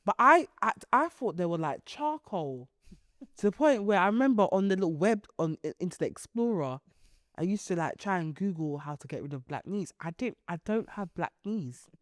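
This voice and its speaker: A young woman co-hosting a podcast in casual chat, playfully teasing and dropping low for asides. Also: animated, fairly quick, no room sound, studio quality. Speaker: podcast co-host.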